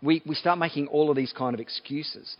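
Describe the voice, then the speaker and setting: A man's voice: fairly high pitch, a little fast, muffled recording. A man, a pastor, giving a conversational sermon and often restarting his phrases. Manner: conversational preaching with repeated restarts.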